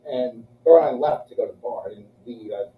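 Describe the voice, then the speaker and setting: A man's voice: mid-range voice, brisk. Profane man telling stories, echoey. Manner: crude, profane, acts out voices in his stories. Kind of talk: casual storytelling chat. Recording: echoey, muffled room from a distance.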